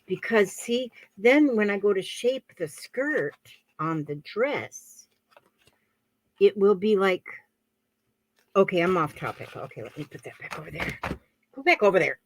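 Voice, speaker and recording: A woman's voice: medium pitch, animated, a little slow, a little hiss or hum, rough recording. A middle-aged woman from Florida chatting casually while crafting, often wandering off topic. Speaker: crafting vlogger. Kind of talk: casual rambling chat.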